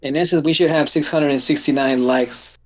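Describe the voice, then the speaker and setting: A man's voice: fairly high pitch, brisk, highs cut off. A man hosting a live trading stream, telling stories in casual chat with lots of restarts. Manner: animated storytelling with lots of restarts. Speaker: stream host.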